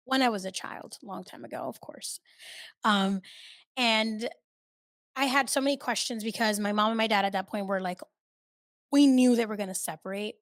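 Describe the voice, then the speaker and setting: A woman hosting her own podcast, talking in a candid, chatty way that swings between loud and soft and swears freely. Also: a little high, dry recording, studio quality. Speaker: podcast host. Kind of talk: casual solo podcast chat.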